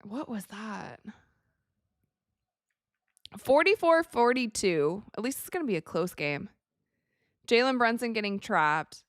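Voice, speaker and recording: A young woman from the United States hosting a live watch party, chatting casually with viewers and reacting excitably to the game. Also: a little high, slow pace, pauses often, no echo, studio quality. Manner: chatty, excitable, reads viewer messages aloud. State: tired, yawning.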